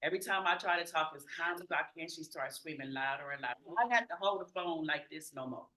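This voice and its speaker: A woman's voice: low voice, lively intonation, quick pace, sharp tone. A woman telling a story in a group talk, acting out both sides of a phone call. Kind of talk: casual group chat, storytelling.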